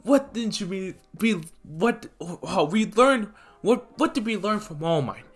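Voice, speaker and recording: A man voicing a hot-headed young male hero who yells insults at his friend in a fan-made story. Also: sits high, animated, measured pace, soft background music, pitched above the performer's own voice. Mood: angry shouting. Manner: shouting, insulting.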